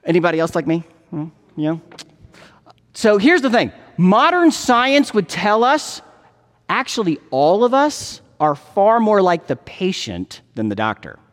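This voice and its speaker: Lively, high-voiced male preacher. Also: a little slow. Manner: chatty, joking storyteller. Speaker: pastor. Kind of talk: sermon. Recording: long church reverb.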